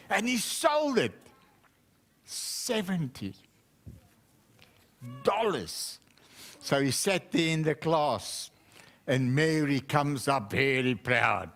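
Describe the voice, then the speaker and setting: A man's voice: fairly high pitch, takes it slowly. A man, a pastor, telling a children's story in church and asking the children questions. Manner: animated, asks the children questions.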